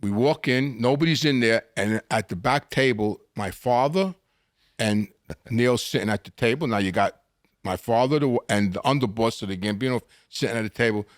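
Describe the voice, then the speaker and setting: An older man spins his stories in a lively, animated way, jumping in pitch when he acts out what people said. His voice is close and dry, with no room sound around it. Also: normal speed, no room sound. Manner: animated storyteller acting out quotes, frequent restarts. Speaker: guest. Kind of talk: storytelling interview.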